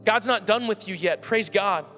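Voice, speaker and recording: A man's voice: high voice, normal speed, a bit bright, faint music behind. A man preaching a sermon to his congregation as pastor, earnest and building emphasis through repeated phrases. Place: church sanctuary. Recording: long hall reverb.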